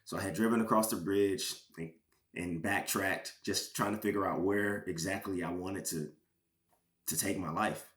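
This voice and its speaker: A man from Georgia, a former pro football player, sharing a personal testimony as a podcast guest with earnest, halting emotional storytelling. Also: low-pitched, fairly even intonation, fairly bright tone, roomy sound. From Georgia, USA.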